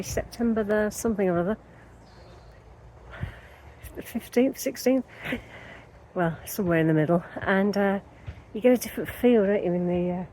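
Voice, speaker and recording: A woman talks casually to camera in a chatty, rambling way. She often turns to the viewer with asides. Her voice sits at a middling pitch. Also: a little mellow, slight background noise. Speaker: lifestyle vlogger. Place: at home showing a book, later outdoors in a park.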